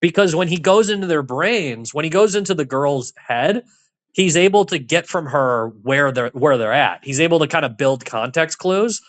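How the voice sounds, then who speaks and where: A man's voice: fairly high pitch, lively intonation, moderate pace, dry recording. Rambling podcast man, fillers everywhere. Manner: rambling, many fillers and restarts. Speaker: podcast co-host. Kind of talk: casual film discussion.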